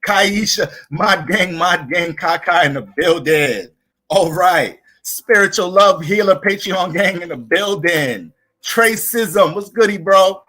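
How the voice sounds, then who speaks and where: A man hosting an astrology livestream from his family home, hyped and profane, shouting out viewers in casual chat. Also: high voice, expressive, slow, low-quality recording.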